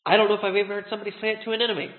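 A man with a high-pitched voice delivers an earnest sermon, drawing out the words he wants to land. The sound is thin and tinny, like a phone line. A long echo rings around a big hall. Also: flat delivery. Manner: earnest, slowing down to stress key words. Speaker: pastor.

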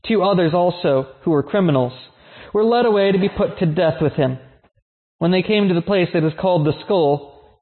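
High-voiced man reading scripture, tinny. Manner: measured, solemn reading. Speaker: scripture reader. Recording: tinny phone-like sound.

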